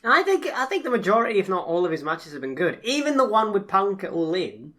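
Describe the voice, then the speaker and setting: A young man, bright and sharp in tone, bantering on a podcast. His pitch swings freely as he jokes and swears. He laughs easily in casual chat. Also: sing-song, fast talker. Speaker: podcast co-host.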